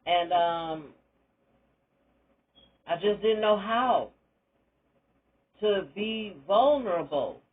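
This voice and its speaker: An older woman, a retired teacher, shares her own story in a candid, emphatic monologue meant to encourage listeners. Her mid-range voice has lively intonation and a slight roughness, and she speaks very slowly with long pauses. The audio is narrow and tinny.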